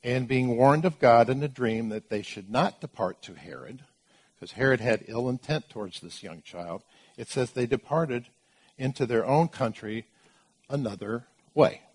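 A man's voice: medium pitch, moderate pace, darkish tone, slightly rough. A man preaching a sermon, teaching through Bible verses in an emphatic way, with asides and restarts as he explains.

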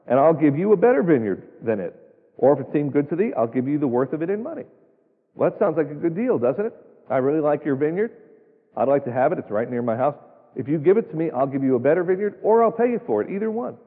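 Husky preacher in a reverberant church. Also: male voice, mid-range voice. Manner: folksy, emphatic, rhetorical questions. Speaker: pastor. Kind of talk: sermon. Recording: tinny phone-like sound, long hall reverb.

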